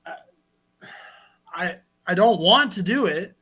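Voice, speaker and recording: A man's voice: high voice, animated, slow, sharp tone, breathy edge, heavily acted. An improv performer playing an uneasy son who hesitates and agrees with his father. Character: uneasy son cutting costs in the family store. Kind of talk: live improv comedy.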